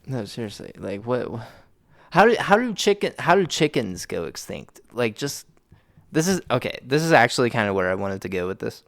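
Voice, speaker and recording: A man's voice: medium pitch, lively intonation, fairly quick, creaky, no echo, clean studio sound. A young man co-hosting a podcast in loose, laughing casual chat, tipsy and full of playful questions. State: intoxicated. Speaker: podcast co-host.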